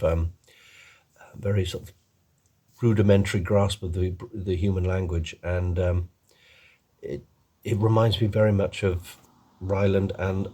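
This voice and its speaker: A man's voice: low voice, mellow, husky. A man giving a rambling, casual film review, full of ums and restarts.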